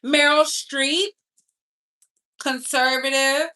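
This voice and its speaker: A bright, sharp-toned woman talks celebrity gossip with a sassy, chatty delivery. Her voice sits a little high, and her carries the talk. She drags some words out slowly and rushes others. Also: steady tone. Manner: chatty, sassy, speeds up and slows down for emphasis. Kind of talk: casual live-stream chat.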